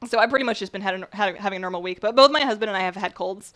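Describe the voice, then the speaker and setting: A woman chatting casually while she bakes on a stream, rambling a bit, her voice slightly rough at the tail end of a cold. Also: mid-range voice, racing, a bit bright. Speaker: baking streamer. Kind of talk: casual chat while baking.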